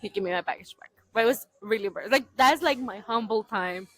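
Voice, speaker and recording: A woman in her thirties, a podcast guest, telling a funny story in casual, animated talk with non-native English grammar, laughing often and repeating herself. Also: on the high side, fast, poor audio.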